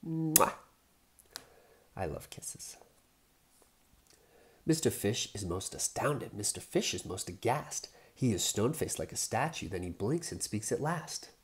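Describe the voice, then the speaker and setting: A man reading picture books aloud as a father, soft and sometimes dropping to a whisper. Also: on the low side, expressive, moderate pace, hardly any pauses, a little hiss or hum. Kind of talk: storybook read-aloud.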